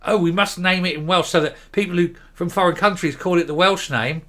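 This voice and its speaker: A man's voice: sits high, fairly quick, sharp tone. A man mimicking a whiny, sneering grown man. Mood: mocking. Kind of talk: mocking impression in a commentary rant.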